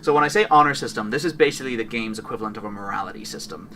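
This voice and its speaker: Man, gaming podcast co-host, bright forceful voice, a bit off-mic, faint noise. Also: fairly low pitch, racing, recorded from a distance. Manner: rambling, enthusiastic, self-correcting. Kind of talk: casual gaming chat.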